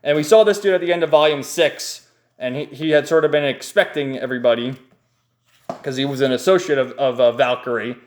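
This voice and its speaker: A man's voice: medium pitch, fairly even intonation, fairly quick, a little mellow. A man casually recapping a comic book page by page, enthusiastic and rambling, chuckling often. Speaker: manga reviewer.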